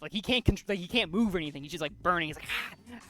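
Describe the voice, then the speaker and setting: A man's voice: high-pitched, animated, racing, sharp tone, soft background music. A man co-hosting a podcast, casually retelling a comic's plot with many fillers and restarts. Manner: rambling with frequent fillers and restarts. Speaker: podcast co-host.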